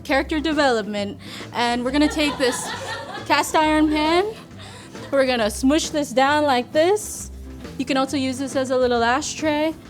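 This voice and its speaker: A woman putting on a chipper 1950s Minnesota housewife with an old-fashioned Minnesota accent, sweet and folksy, demonstrating a recipe in character. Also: high voice. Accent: put-on old-fashioned Minnesota. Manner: sweet, prim, folksy, with coy innuendo. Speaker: cooking show presenter in character. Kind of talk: comic character cooking demo.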